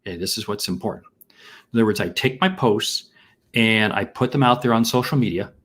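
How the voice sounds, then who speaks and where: A middle-aged American man hosting a live sales masterclass, enthusiastic and full of rhetorical questions and shout-outs to viewers. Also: lowish voice, brisk. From United States. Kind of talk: energetic live-stream teaching.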